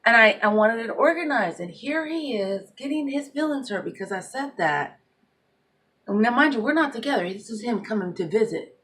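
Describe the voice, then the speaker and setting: Blunt single mom in her 30s ranting about her ex, cussing a lot, voice on the high side, faint background noise. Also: normal speed. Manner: blunt, heavy swearing, animated storytelling. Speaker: single mother. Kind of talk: emotional personal monologue.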